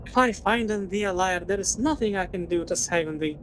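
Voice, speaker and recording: A woman's voice: mid-range voice, a little fast, slight background noise, close to an everyday voice, poor audio. A woman reading a stiff, old-fashioned woodcutter brother. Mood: solemn. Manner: archaic, stiff formal speech.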